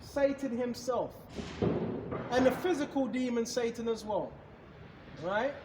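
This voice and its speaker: High-voiced man preaching scripture emphatically. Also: unhurried, echoey room, very noisy. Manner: emphatic, repetitive, rhetorical questions. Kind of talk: street-style scripture teaching.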